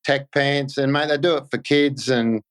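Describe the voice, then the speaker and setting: Australian man, podcast guest, smooth resonant voice, easygoing, says "mate" often, mid-pitched. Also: steady tone, rough recording. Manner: easygoing, says "mate" constantly, halting restarts. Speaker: podcast guest, kayak angler. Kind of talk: casual podcast chat.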